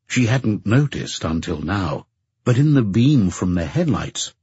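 Low, husky male audiobook narrator. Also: darkish tone, dry recording. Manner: slow, measured. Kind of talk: scripted narration. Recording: dull lo-fi recording.

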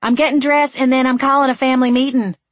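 A woman voicing a sarcastic, stubborn young woman who talks in a sharp, sardonic way. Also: mid-range voice, no echo. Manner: sharp, sardonic, quick to snap.

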